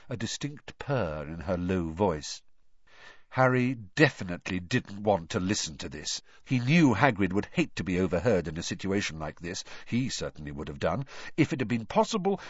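A man reading a story aloud in a measured, expressive way. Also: lowish voice, no room sound. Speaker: audiobook narrator. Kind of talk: storybook narration. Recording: dull lo-fi, dry.

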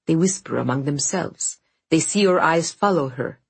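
A woman's voice: sits low, normal speed, gravelly, husky, no echo, exaggerated voice. Woman voicing a mild coaxing spirit. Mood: insistent.

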